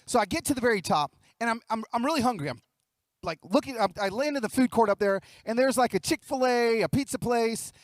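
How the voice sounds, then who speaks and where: A man giving a motivational keynote speech, telling a story in an animated way and acting out dialogue, with quick repeated words. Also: extremely high pitch, no echo. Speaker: keynote speaker. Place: luncheon event hall.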